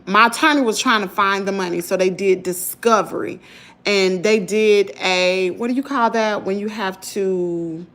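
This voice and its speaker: A middle-aged woman with a Southern US accent, telling a story to her viewers in an animated, chatty way. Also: medium pitch, moderate pace. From Mississippi, US. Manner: animated, talks to viewers as "y'all". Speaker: vlogger. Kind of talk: casual storytelling.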